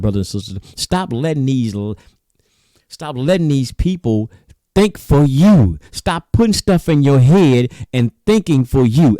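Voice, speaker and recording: A man teaching in a sermon style, animated and repetitive, calling his listeners brothers and sisters. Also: mid-range voice, no echo. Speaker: religious teacher.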